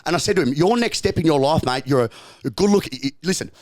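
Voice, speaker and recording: A man's voice: on the high side, expressive. A man with an Australian accent, a podcast guest telling stories in casual chat, swearing often, with emphatic restarts and repeated phrases. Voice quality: profane, emphatic storytelling. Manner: repetitive restarts and rapid bursts.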